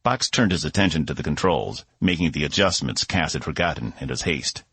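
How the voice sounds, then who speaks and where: A man reads an audiobook in a low, husky voice. His delivery moves widely in pitch, and the recording is dry and close. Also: fairly quick, dry recording. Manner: expressive storytelling. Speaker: audiobook narrator. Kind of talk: scripted narration.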